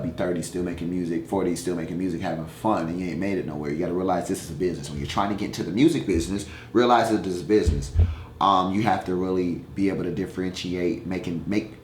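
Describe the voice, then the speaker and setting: Deep-voiced young man telling candid stories. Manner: candid, profane, animated storytelling. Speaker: musician answering fan questions. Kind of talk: casual storytelling vlog. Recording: echoey room, faint noise.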